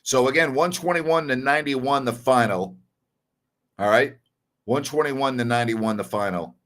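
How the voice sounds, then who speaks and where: A man's voice: mid-range voice, normal speed, a bit bright. A man hosting a sports talk show, giving blunt, opinionated commentary in a casual, conversational way. He repeats his points for emphasis and takes back his own harsh words. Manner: conversational, with fillers and self-corrections.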